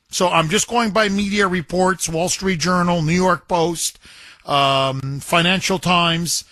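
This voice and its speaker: A male talk radio host with a fairly high voice speaks in an emphatic, scornful way. His delivery is slow and deliberate, and the sound is dry and close to the studio mic. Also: fairly even intonation, bright, forceful tone, no echo.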